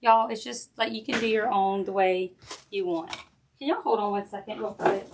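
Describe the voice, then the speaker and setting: A woman's voice: medium pitch, normal speed. Chatty woman hosting a craft livestream. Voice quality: chatty, folksy, talks straight to viewers while working. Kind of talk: casual craft demo chat with viewers. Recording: faint background noise and clicks.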